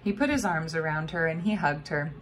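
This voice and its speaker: A woman narrates a novel in an expressive storytelling manner. Her voice sits on the low side. A faint background hum is present. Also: fairly quick. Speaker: audiobook narrator. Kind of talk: scripted narration.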